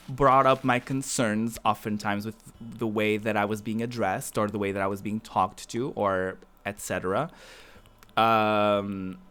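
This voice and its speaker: A man's voice: on the low side, a bit bright. A man from the American South chatting casually on a game stream, rambling, restarting his sentences and answering his chat as he plays. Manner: talks back to viewer chat as he plays.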